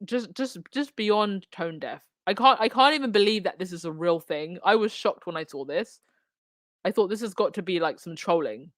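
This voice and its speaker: Chatty Essex woman, low voice. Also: animated, a little fast, dry recording, studio quality. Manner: chatty, reading out comments and articles; frequent restarts and fillers. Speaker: commentary channel host. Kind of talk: casual livestream commentary.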